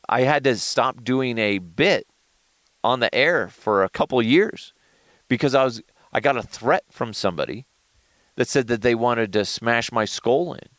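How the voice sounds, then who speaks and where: Man, podcast host, casual rambling talk, joking, low gravelly voice, dry close sound. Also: no room sound. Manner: animated, joking, rambling storyteller.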